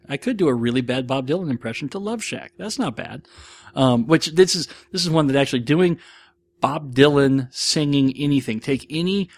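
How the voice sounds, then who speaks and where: A man's voice: mid-range voice, animated, normal speed. A man hosting a podcast, casually reading out and answering listener questions in a rambling, self-deprecating way. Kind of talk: casual monologue.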